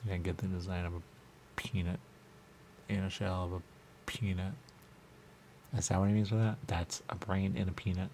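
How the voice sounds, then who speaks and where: A man's voice: deep voice, level tone, moderate pace, gravelly, long pauses, a little mellow, a little hiss or hum. A man hosting a radio talk show, bantering in a rambling, playful way full of repeated wordplay. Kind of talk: loose comedic studio banter. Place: radio studio.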